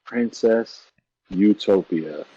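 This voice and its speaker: A man's voice: lowish voice, very slow, dark tone, breathy edge, no room sound, muffled recording. A man co-hosting a casual podcast, laid-back, often asking "you know what I'm saying". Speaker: podcast co-host.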